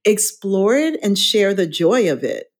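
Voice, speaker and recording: A woman guest in an interview, cheerful and quick to laugh, talking about what she enjoys. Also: mid-range voice, sing-song. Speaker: wine educator and TV guest. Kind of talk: casual interview chat.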